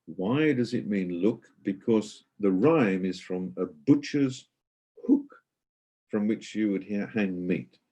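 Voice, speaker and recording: Deep husky-voiced male tour guide. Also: expressive, slow, dark tone. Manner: hesitant, many fillers, chatty and explanatory. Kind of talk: online guided tour talk.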